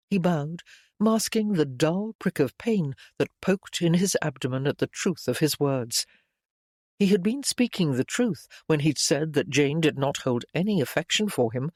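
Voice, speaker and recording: A narrator reading a period romance novel aloud in a measured, gentle storytelling manner. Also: mid-range voice, animated, dry recording, clean studio sound.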